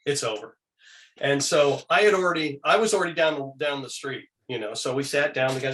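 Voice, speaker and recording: A man's voice: mid-range voice, a little fast, a bit bright. A middle-aged man, a guest on an interview show, telling anecdotes casually and acting out the people he quotes in shifting voices.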